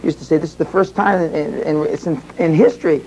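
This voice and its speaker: A man addresses a seminar crowd in a fairly high voice, spinning long, rambling anecdotes. He slips into the voices of the people in his stories as he goes. A faint hum of the room sits underneath. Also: fairly even intonation, fast talker, dark tone, low-quality recording. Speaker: seminar speaker. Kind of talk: live seminar storytelling.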